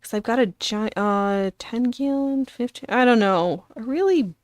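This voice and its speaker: A middle-aged woman hosting a casual livestream, rambling and chatting with viewers in a slow, drawn-out way, with soft whispered asides. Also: a little high, animated, dry recording, clean studio sound. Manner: rambling, chatty, reads and answers viewer chat. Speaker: livestream host. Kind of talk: casual livestream chat while sewing.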